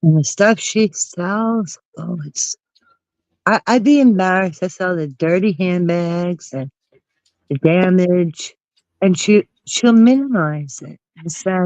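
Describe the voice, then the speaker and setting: A woman's voice: on the low side, takes it slowly, pauses often, darkish tone, no room sound. A woman with a stuffy cold, calling in on a phone for a casual chat and laughing often. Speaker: guest caller. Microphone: phone call. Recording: dull muffled phone audio.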